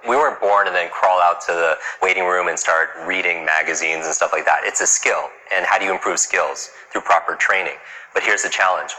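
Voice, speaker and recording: Brisk low-voiced New man. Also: pushed and bright, low-quality recording. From New York. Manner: brisk, punchy, full of rhetorical questions. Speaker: speed-reading coach. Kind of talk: motivational talk to a live audience.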